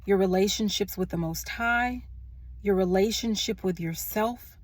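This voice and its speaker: A woman in an indoor room delivering a channeled spiritual message into a phone, speaking softly and earnestly, sometimes dropping to a hush. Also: medium pitch, no echo. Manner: slow, soft-spoken and earnest, trailing into hushed tones.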